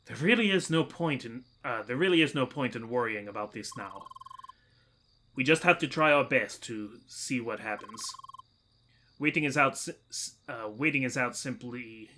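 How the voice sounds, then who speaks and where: A man voicing an earnest, formal male researcher from a video game, with a half-dropped attempt at a Russian accent and careful, measured phrasing. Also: mid-range voice, bright, forceful tone, a little hiss or hum, lightly acted. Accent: attempted Russian, mostly dropped. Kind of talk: reading game dialogue aloud.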